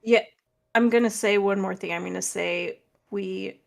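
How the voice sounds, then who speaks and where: A woman's voice: mid-range voice, fairly even intonation, moderate pace, creaky. A woman playing in a tabletop role-playing game, talking bluntly and casually. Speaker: player.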